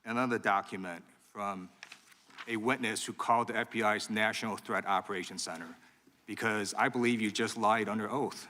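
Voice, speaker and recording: A man's voice: fairly low pitch, fairly even intonation, normal speed, pushed and bright. A congressman questioning a witness at a hearing, insistent and accusatory. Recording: reverberant hearing room.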